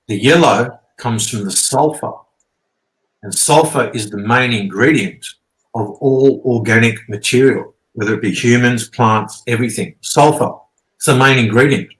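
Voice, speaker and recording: Speaking unhurriedly in a medium, slightly bright voice, this male guest teacher explains things in a loose, rambling way, cursing and checking in with "okay?" often. The room gives the recording a noticeable echo.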